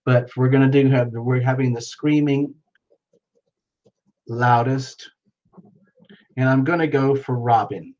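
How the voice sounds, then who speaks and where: Male livestream host, mid-pitched, playful and chatty with his viewers, lo-fi sound. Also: fairly even intonation, slow pace, pauses often, a little mellow. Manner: playful, chatty, reacting to comments. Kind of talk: casual livestream chat with viewers.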